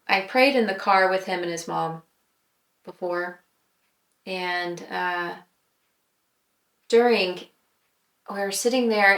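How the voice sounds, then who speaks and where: A woman guest on a podcast, sharing a personal faith testimony in an earnest, reflective way, with pauses and fillers. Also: fairly low pitch. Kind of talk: personal testimony in casual chat. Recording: roomy echo.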